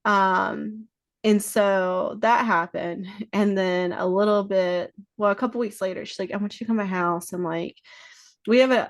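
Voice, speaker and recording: Her voice is fairly low and gravelly, recorded with no echo. She's a guest on a podcast, casually telling stories while cursing freely and performing other people's quoted lines.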